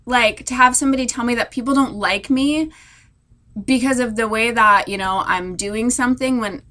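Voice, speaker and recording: High-voiced young woman crying while vlogging. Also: moderate pace, bright, forceful tone. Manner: rambling, many "like" fillers. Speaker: military spouse. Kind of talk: emotional personal vlog. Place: hotel room.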